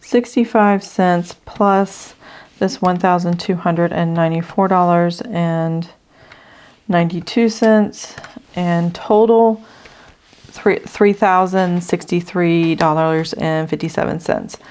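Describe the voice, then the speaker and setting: A woman's voice: on the low side, steady tone, slow pace, darkish tone, clear, resonant tone. A middle-aged woman hosting a budgeting channel, thinking aloud as she adds up figures, a little out of breath from allergies. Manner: thinks aloud while adding numbers, with fillers. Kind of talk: casual budget walkthrough.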